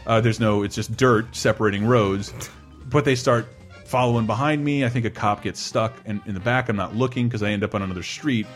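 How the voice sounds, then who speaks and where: A man in his thirties casually telling a long personal story on a podcast, animated and laughing, acting out quotes in a high voice. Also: brisk, soft background music. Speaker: podcast co-host.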